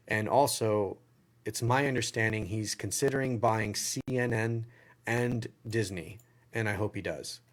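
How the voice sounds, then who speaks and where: A man with a Southern US accent hosting a livestream Q&A in casual chat, rambling and repeating phrases as he goes. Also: fairly low pitch. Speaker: livestream Q&A host.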